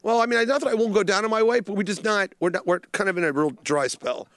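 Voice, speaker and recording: A middle-aged man from Baltimore with a notably high voice spins crude stories in animated, loud banter. The sound is close and dry, with no room around it. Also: fast talker, dry recording. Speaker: show regular.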